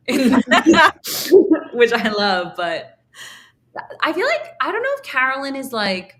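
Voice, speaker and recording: Against a noisy background, a young woman with a high voice speaks slowly and pauses often as a podcast guest. Her casual chat is heavily sprinkled with "like" while she acts out what others said.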